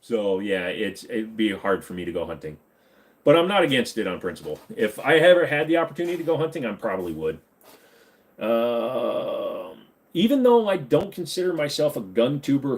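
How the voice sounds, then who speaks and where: A man's voice: medium pitch, very animated, moderate pace. A man hosting a casual livestream from his home computer room, reading chat questions aloud and answering them in a rambling, joking way.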